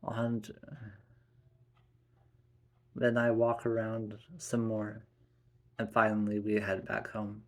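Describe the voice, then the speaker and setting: A man narrating a first-person family story in a halting way, with many restarts. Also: fairly low pitch, completely flat delivery.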